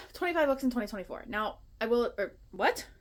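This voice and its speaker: A woman's voice: fairly high pitch, animated, a little fast. A woman in her twenties chatting casually to her phone camera at home, rambling and a little nervous. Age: 20s. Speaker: booktuber. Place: her apartment.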